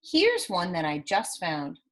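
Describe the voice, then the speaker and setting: A woman voicing a helpful male raccoon in a storybook, quick and friendly. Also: on the low side, wildly swooping pitch, pitched below the performer's own voice, exaggerated voice.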